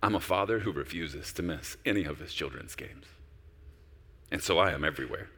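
A man preaching, voicing a gentle, doting heavenly father in a soft, hushed, lower voice. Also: fairly quick, slightly rough, exaggerated voice. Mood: tender.

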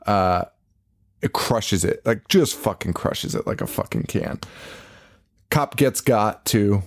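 A man co-hosting a podcast recaps a film slowly in a lowish voice. The talk is casual and animated, packed with cursing and bursts of laughter.

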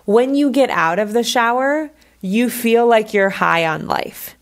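A woman with a fairly high voice speaks a little slowly while hosting her own podcast. She talks in a chatty, candid, casual way, filling her speech with lots of "like."

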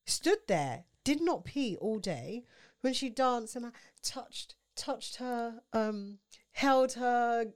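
A young woman chats on a podcast, and her voice sits a little high. She talks in a very animated way, with lots of swearing as she tells her story. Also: drawn-out words. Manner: laughs and cries through her story, swears freely. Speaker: podcast co-host. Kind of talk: casual chat.

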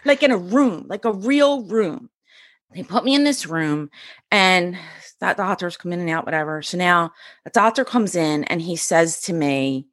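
Telling a personal story as a podcast guest, this middle-aged woman from the US East Coast is sassy, energetic and high-strung, performing quotes with wide pitch leaps. She moves at a moderate pace on a dry, studio-quality recording.

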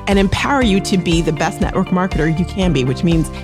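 A woman's voice: fairly low pitch, fast talker, over music. Upbeat chatty woman podcast host. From Arizona. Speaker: podcast host and social media coach. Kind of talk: casual podcast chat.

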